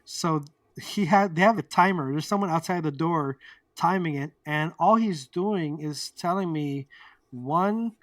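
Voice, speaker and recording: A man who is a guest on an interview show, telling a personal story in a candid, animated way, acting out old arguments and swearing freely. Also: on the high side, unhurried, no room sound, recorded from a distance.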